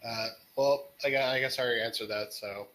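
A man's voice: medium pitch, fairly even intonation, fast talker, a bit bright, rough recording. A man as a podcast guest, answering questions in a laid-back way with dry jokes. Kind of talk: casual podcast interview.

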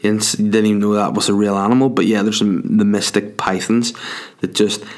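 A man's voice: fairly low pitch, little pitch movement, fairly quick. A man delivering a profane, rambling comic rant, worked up and exaggerating. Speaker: comedian.

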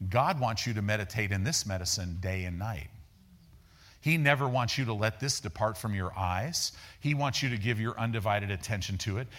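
A man preaching a sermon in a folksy, animated way, acting out the people in his stories and repeating words as he builds each point. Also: moderate pace. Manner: animated, acts out dialogue with raised pitch. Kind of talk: sermon with storytelling.

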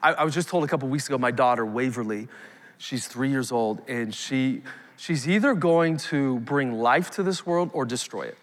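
Pastor, man, 30s, mid-pitched, emphatic live sermon, echoing hall. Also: moderate pace. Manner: emphatic preaching with rising calls to the congregation. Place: church sanctuary. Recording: long hall reverb.

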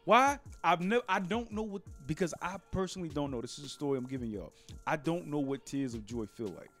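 A man's voice: fairly high pitch, expressive, a little fast, fairly bright tone, soft background music. A man co-hosting a casual group podcast, talking bluntly and emphatically with plenty of profanity. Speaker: podcast co-host.

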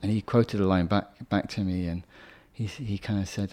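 A young adult man, a poet, answering interview questions in a soft-spoken, hesitant way with frequent restarts. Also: fairly low pitch, steady tone, a little fast, few pauses. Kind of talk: reflective conversational interview.

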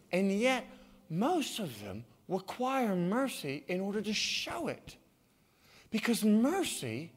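Lively high-voiced preacher. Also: male voice. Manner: dramatic swings from hushed to shouting. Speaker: pastor. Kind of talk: sermon.

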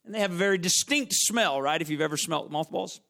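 A middle-aged man preaching with a high voice. He tells homey stories and hammers points by repeating them. His delivery moves between loud calls and hushed lines. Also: brisk, vocal fry. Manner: storytelling, emphatic, repeats phrases. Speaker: pastor. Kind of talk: sermon.

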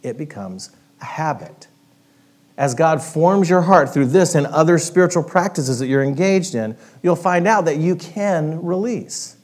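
A man preaching a sermon in a church, animated and interactive, guiding the congregation through a hands-on exercise. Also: a little high, unhurried. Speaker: pastor.

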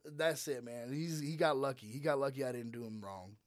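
A man's voice: mid-range voice, brisk, no room sound, studio quality. A man working as bar security, telling a story in casual profane chat and acting out the quoted lines.

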